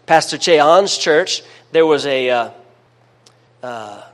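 A man preaching a sermon, emphatic, calling for amens and dropping to a hush between louder bursts. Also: fairly high pitch, animated, takes it slowly. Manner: emphatic preaching with call-and-response amens, swings between loud and hushed.

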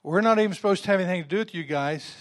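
A calm male teacher dismissively brushes off a petitioner in an easy, conversational tone, as a preacher voices him in a sermon. The voice stays close to the speaker's own fairly high register. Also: rapid-fire, lightly acted. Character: calm male teacher turning someone away.

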